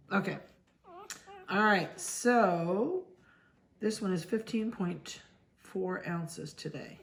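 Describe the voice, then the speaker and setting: A middle-aged woman from Ohio, a dog breeder, chatting casually as she handles puppies and talks softly to them. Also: medium pitch, slow, pauses often.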